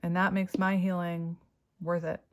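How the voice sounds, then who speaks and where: A woman's voice: lowish voice, flat delivery, a little slow. A middle-aged woman giving a casual spiritual tarot reading, chatty, laughing often and filling her talk with "like". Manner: chatty, with frequent fillers and laughs. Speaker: tarot reader.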